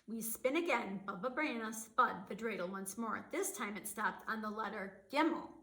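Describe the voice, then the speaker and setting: Librarian reading a storybook, expressive woman, bright voice, echoey room. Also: medium pitch, moderate pace. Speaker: children's librarian. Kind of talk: reading a picture book aloud. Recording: roomy echo.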